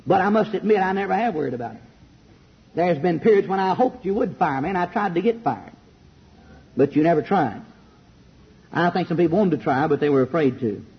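A man preaching a fiery old-fashioned sermon in a large church, shouting some lines and dropping low on others. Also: animated, fairly quick, long pauses, husky. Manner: shouting emphatic preaching, swinging loud and soft. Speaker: pastor. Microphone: handheld microphone. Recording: dull lo-fi sermon recording.

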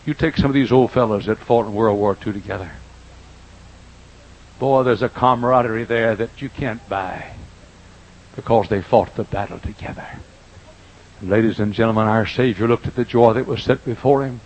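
An older man preaching a folksy sermon in a church, swinging from quiet asides to loud, drawn-out emphasis, with a husky voice. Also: on the low side, rough recording. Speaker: pastor. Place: church auditorium.

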